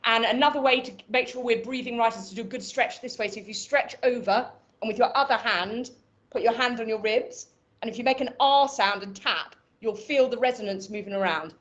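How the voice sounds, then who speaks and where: A woman with an Irish accent teaching an online voice class, explaining and demonstrating breathing and pitch exercises. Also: fairly quick, fairly bright tone, highs cut off. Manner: instructive, demonstrates vocal exercises. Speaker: voice coach.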